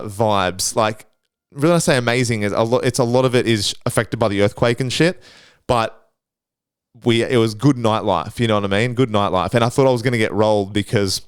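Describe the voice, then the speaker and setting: A man's voice: lowish voice, clear, resonant tone, no room sound, clean studio sound. Laid-back, swearing young man rambling. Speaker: podcast host. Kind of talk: casual storytelling.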